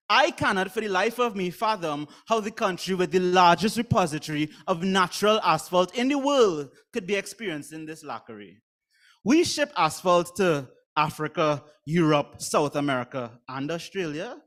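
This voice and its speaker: A man's voice: sits high, expressive, normal speed, a bit bright. A man with a Trinidadian accent performing a comic spoken word poem in a theatrical way. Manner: comic, theatrical delivery with mock voices. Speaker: slam poet.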